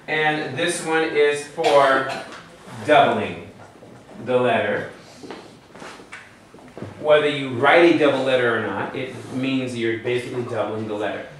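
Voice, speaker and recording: A man leads a classroom lesson, drilling students patiently and checking in often. His voice is at an ordinary pitch and sounds distant, recorded from across a very echoey hall. A faint hum sits behind him. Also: a little slow, pauses often, fairly bright tone. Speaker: Hebrew teacher.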